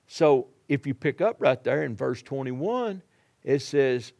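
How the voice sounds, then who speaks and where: A man's voice: mid-range voice, expressive, slow pace, vocal fry, darkish tone. A man preaching a sermon in a folksy, dramatic way, acting out the people in the story.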